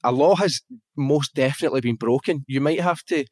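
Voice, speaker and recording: A man's voice: medium pitch, brisk, dry recording. Frank Glaswegian man telling a story. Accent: Scottish, Glaswegian. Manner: animated, frank, swears freely. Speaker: guest on a podcast. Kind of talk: casual conversational storytelling.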